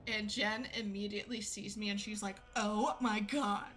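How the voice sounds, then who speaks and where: A woman's voice: mid-range voice, fairly even intonation, normal speed, a bit bright, low-quality recording. A woman streamer telling a story to her chat in a chatty way, laughing often and using many fillers. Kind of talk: casual storytelling to a live chat. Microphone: desk mic with ring light setup.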